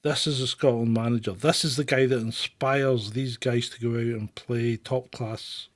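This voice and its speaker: A man's voice: mid-range voice, fairly even intonation, normal speed. A man hosting a casual commentary chat, laughing often and swearing freely. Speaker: host.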